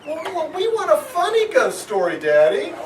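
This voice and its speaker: A man voicing a scared young boy pleading with his father, whiny and shouting. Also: extremely high pitch, huge pitch swings, moderate pace, slight background noise, pitched above the performer's own voice, exaggerated voice. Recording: echoey school room, far from mic.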